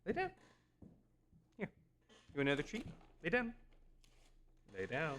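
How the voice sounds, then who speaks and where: A man's voice: fairly high pitch, huge pitch swings, measured pace, fairly bright tone, a little hiss or hum. A man on a casual live stream at home, playfully chatting with his dog and reading aloud into a desk microphone, laughing often.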